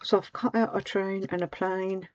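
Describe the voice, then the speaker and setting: A woman's voice: mid-range voice, fairly even intonation, moderate pace, a little hiss or hum. A woman hosting a casual craft tutorial, chatting her way through each step with plenty of ums. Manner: chatty, rambling, with many ums. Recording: slightly dull home recording.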